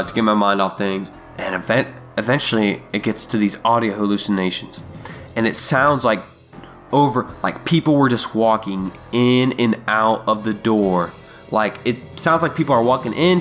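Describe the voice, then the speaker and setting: A man's voice: medium pitch, fairly bright tone. A young man casually telling a rambling, profanity-heavy story, with faint music behind him.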